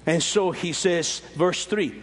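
A pastor delivers a sermon at a slow pace, his voice sweeping up and down in pitch as he explains scripture. The recording carries a long reverb tail.

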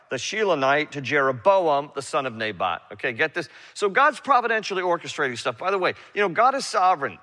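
A man preaching in a church sanctuary, reading scripture and then unpacking it in casual modern slang. His voice sits a little high and rings bright and forceful. A long reverb from the hall trails every phrase. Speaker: pastor. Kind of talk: expository sermon.

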